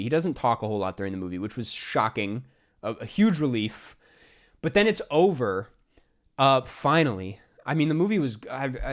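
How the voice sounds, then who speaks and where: A young man with a mid-range voice hosts a stream and tells a funny anecdote in casual chat. He's animated and exasperated, laughing between lines.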